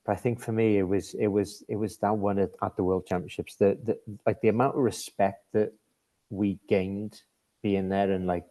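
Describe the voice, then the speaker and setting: This former ice hockey captain from Britain, now middle-aged, chats casually as a podcast guest, rambling through hockey anecdotes with frequent restarts and chuckles at his own stories. He speaks at a normal speed in a warm, lowish voice with little pitch movement.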